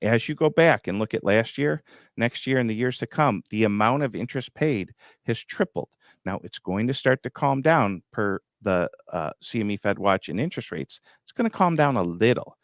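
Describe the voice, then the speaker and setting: Man, middle-aged, blunt market commentary, low voice, dry room. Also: normal speed, dry recording. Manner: blunt, lively, teasing. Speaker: grain market show host.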